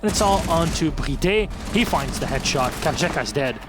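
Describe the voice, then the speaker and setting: A man casting an esports match who jokes with his partner and surges into fast, excited play-by-play calls. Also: fairly high pitch, background noise. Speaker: esports caster. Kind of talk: play-by-play commentary.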